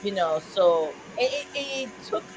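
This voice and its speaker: A woman's voice: medium pitch, expressive, unhurried, music in the background, rough recording. A woman in casual chat, telling a heartfelt personal story in an earnest way with frequent "you know"s. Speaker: co-host of a community chat stream.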